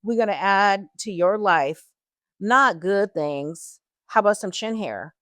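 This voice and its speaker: A woman's voice: medium pitch, expressive, takes it slowly, a bit bright, no echo. A woman putting on the voice of her health condition as a sassy, taunting female figure in casual storytelling. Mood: mocking. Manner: mocking, sing-song teasing.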